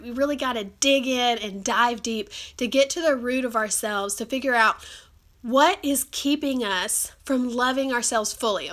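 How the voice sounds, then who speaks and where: Sharp-toned and somewhat high, this woman's voice carries a cold as she hosts an encouraging live stream from a phone or webcam. She chats earnestly, using many fillers.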